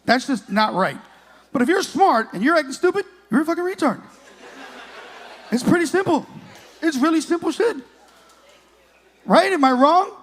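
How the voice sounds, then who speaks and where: High-voiced dude in his 30s doing crude stand-up, roasting the crowd on a handheld mic. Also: animated, normal speed, pauses often, fairly bright tone. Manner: brash, profane, crowd-teasing. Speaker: stand-up comedian. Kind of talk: stand-up comedy set. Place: comedy club stage.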